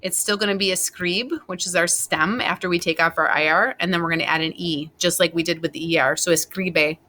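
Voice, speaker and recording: A woman's voice: on the low side, steady tone, a little fast, bright, forceful tone. A woman teacher giving a recorded Spanish class, patiently explaining verb endings step by step and spelling them out letter by letter.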